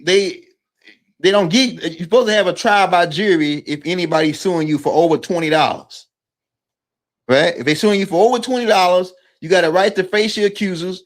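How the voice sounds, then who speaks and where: Rambling high-voiced man talking to his viewers. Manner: rambling, emphatic, repeats himself with frequent "right?". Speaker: video host. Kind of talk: casual monologue to camera.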